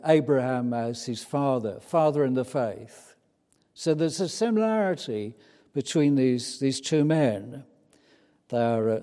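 A British man preaching a sermon in an unhurried, chatty way, with many hesitant fillers. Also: mid-range voice, mellow. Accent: British English. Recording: long reverb of a large hall.

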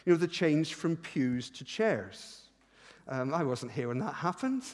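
Animated high-voiced pastor preaching in a reverberant church. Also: male voice, a little slow. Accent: regional accent. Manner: animated, self-deprecating, with many restarts. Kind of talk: sermon. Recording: long reverb in a church hall.

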